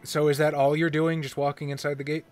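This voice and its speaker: A man acting as game master, narrating a tabletop horror game and making brisk rules calls. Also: fairly high pitch, little pitch movement, soft background music. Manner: brisk, matter-of-fact rules calls mixed with vivid scene narration.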